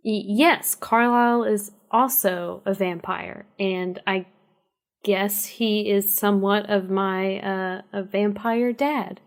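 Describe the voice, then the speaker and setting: A woman's voice: mid-range voice, fairly even intonation, slow pace. A woman playing a character in a tabletop role-play, talking with hesitations and restarts. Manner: hesitant, lots of fillers and restarts. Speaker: player.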